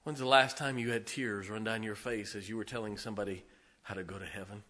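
A middle-aged male pastor preaching a sermon, telling folksy stories and swinging from loud declarations to hushed asides. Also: on the low side, fairly even intonation, fast talker.

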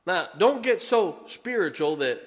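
A man preaching as a Baptist pastor, telling animated personal stories and asking his congregation to listen up. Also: high voice, a little slow. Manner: animated storytelling, keeps asking the congregation "can I tell you something". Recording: long reverb of a large hall.

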